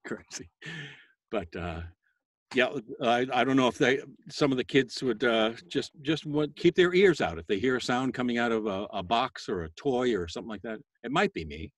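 A voice actor talking casually to a school class, chatty and self-deprecating, with many fillers and bursts of a loud sales voice. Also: male voice, mid-range voice, expressive, normal speed, dry recording. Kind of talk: casual interview talk.

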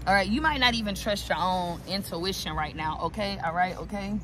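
A woman's voice: medium pitch, fairly quick. Chatty, profane woman reading tarot outdoors. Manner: chatty, loose and profane, with frequent laughs and asides to viewers. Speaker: tarot reader. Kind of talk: casual tarot reading vlog. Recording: outdoor recording with clear traffic ambience. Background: vehicles passing.

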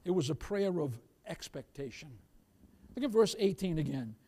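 A man preaching a sermon as pastor, reading scripture slowly and rising to loud calls for amen. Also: a little high, very animated, slightly rough. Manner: reads scripture slowly in King James wording; jokes with the congregation and laughs.

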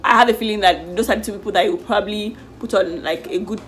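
Animated woman reviewing a show. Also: mid-range voice, fast talker, slight background noise. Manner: lively, animated retelling with slang. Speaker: YouTube reviewer. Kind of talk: casual review chat.

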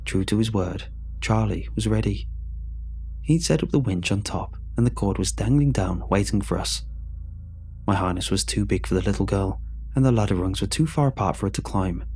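A man telling a scripted horror story in a measured, tense way. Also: lowish voice, a little mellow.

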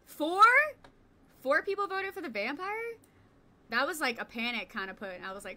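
A young woman streaming a video game, chatting casually with viewers, excitable and quick to swear and yell in frustration. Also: sits high. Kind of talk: casual live-stream chat while gaming.

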